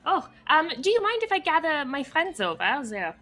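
A woman's voice: sits high, very animated, normal speed, pushed and bright, faint music behind, exaggerated voice. A woman playing a polite young adventurer. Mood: eager. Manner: polite, eager.

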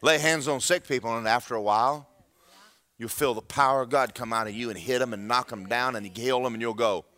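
A man preaching a sermon, telling a story with acted-out dialogue and building to loud exhortation. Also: mid-range voice, a little fast.

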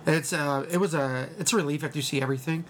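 A man's voice: a little high, fast. A man recapping a movie in casual podcast chat, rambling and laughing as he acts out quotes. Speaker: podcast co-host telling about a movie. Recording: faint background noise.

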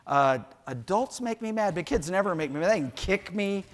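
A man in his sixties telling a funny story in a sermon, animated and jokey, acting out voices. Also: high voice, moderate pace. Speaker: pastor.

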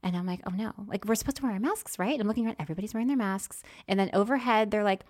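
A woman in casual conversation telling a personal story. She acts out her own thoughts, going from hushed whispers to sudden loud exclamations. Her voice sits at a medium pitch. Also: very fast, hardly any pauses. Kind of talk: casual chat.

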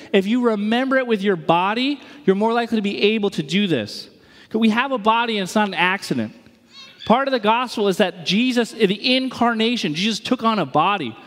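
Male pastor, high voice, lively sermon delivery that acts out listeners' thoughts, long hall reverb. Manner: animated, acts out inner voices.

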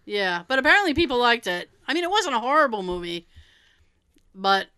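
A woman co-hosting a casual movie chat, animated, laughing often and swearing casually. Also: on the high side, brisk, smooth, no echo. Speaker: podcast co-host.

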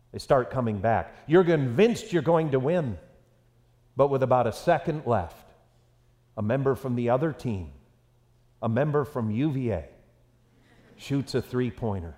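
A man preaching a sermon to an auditorium crowd, dropping low and quiet for emphasis. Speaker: pastor. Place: large auditorium. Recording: reverberant auditorium sound.

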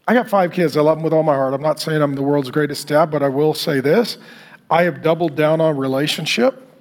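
A middle-aged man preaching to a men's group, telling stories and acting out the people in them with asides to the group. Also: fairly high pitch. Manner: animated storytelling, acting out quotes with asides to the group. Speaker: pastor leading a men's group. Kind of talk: sermon.

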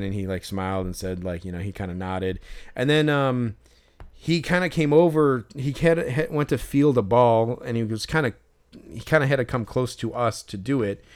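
A man's voice: fairly low pitch, a little mellow, clear, resonant tone. A man co-hosting a casual podcast, telling long, rambling stories full of fillers and restarts, with a sarcastic, exasperated edge. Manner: exasperated, sarcastic about fans. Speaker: podcast co-host.

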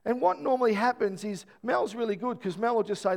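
Male pastor, middle-aged, lively storytelling sermon, higher voice. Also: a little fast, vocal fry. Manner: animated storytelling, acts out voices.

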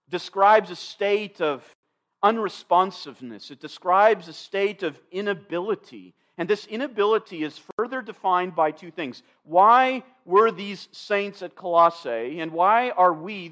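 A man delivers an expository sermon in a fairly high-pitched voice. He speaks straight to his listeners, calling them saints and believers. He repeats key phrases again and again to press them home. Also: a bit bright. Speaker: pastor.

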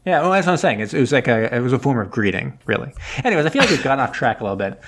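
A man's voice: medium pitch, sing-song, rapid-fire, fairly bright tone. A man in casual chat, rambling through a movie plot and acting out the characters' lines. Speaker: podcast co-host.

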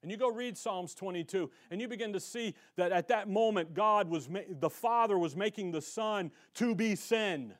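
Male pastor, higher-pitched voice, fervent and conversational sermon that builds in volume. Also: normal speed, few pauses. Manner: fervent, colloquial preaching that swells in volume. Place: church.

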